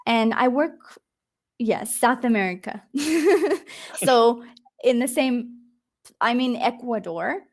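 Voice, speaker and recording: A woman with an Australian accent, an English tutor chatting casually on a video call, laughing often and filling pauses with ums. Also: a little high, expressive.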